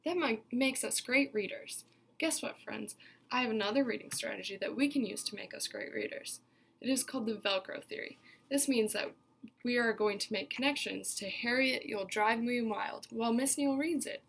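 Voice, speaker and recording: A woman's voice: a little high, normal speed, gravelly, fairly bright tone, husky. A woman teacher reading a picture book aloud to her class, telling it expressively and stopping to ask the children questions.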